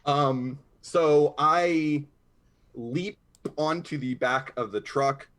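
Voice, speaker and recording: A man's voice: on the high side, extremely slow, fairly bright tone. A man playing a tabletop game, talking in an easygoing way and thinking aloud with many fillers. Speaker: player. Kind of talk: casual tabletop game play.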